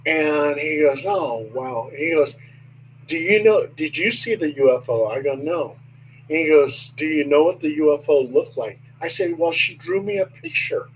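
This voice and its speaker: An older man, a guest, slowly recounting a personal story in a hesitant way with many pauses. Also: a little high, a little hiss or hum, low-quality recording. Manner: slow, hesitant with many ums. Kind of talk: storytelling in casual conversation.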